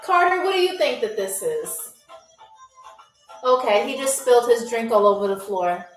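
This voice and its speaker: A woman hosting a live-stream game show in a high voice, teasing viewers and answering them sarcastically. The recording has an echoey room around her. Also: expressive, normal speed, soft background music.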